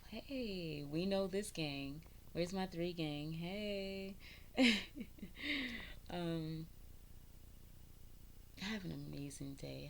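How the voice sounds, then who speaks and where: A woman in her thirties giving a casual spiritual vlog monologue, animated and preachy, firing rhetorical questions and laughing often. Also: mid-range voice, takes it slowly, pauses often, slight background noise. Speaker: spiritual vlogger.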